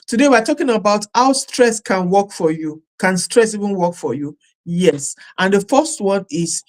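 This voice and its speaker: A woman coach speaks live to an online audience in a voice of ordinary middle pitch. She asks her viewers the same question several times over and gives extra weight to each word in her lists. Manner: repeats questions to viewers, stresses listed words. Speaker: life coach. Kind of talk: live-streamed coaching session. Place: streaming live at home or studio.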